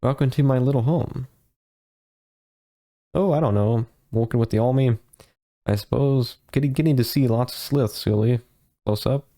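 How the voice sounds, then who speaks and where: A man's voice: mid-range voice, moderate pace, long pauses, mellow, natural voice. A man reading aloud the lines of a cheerful, short female mage, plainly and without a put-on voice. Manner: plain read-aloud delivery.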